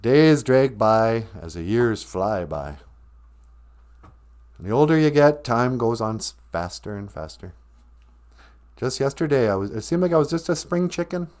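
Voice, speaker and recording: A man in his fifties with a Minnesotan accent, hosting a casual comedic podcast in a playful way, laughing often and drawing phrases out slowly. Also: medium pitch, sing-song, darkish tone. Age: 50s. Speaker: podcast host.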